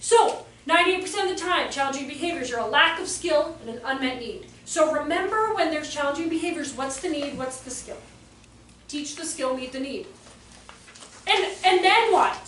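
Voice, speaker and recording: Woman workshop presenter, high voice, chatty storyteller who acts out quotes, heard from a distance with faint room ambience. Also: animated, normal speed, a bit bright, echoey room, slight background noise. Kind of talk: live workshop talk. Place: room with live audience.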